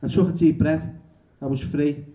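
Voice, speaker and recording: A man's voice: fairly high pitch, steady tone, moderate pace, dark tone. A man telling candid stories and reading his own book aloud at a bookshop event, frank and self-mocking, chatty with lots of fillers. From England.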